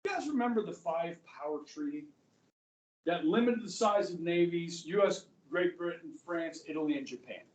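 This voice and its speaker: A man's voice: fairly high pitch, animated, moderate pace, recorded from a distance. A male history teacher lecturing a class in a casual, conversational way, often checking in with "okay" and "guys". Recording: echoey classroom, voice from afar.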